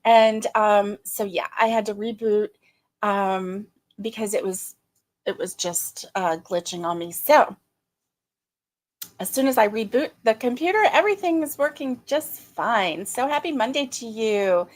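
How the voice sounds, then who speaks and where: A middle-aged woman hosting a casual live stream, greeting viewers by name, chatty and quick to laugh, her throat a little strained. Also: on the high side, animated. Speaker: livestream host.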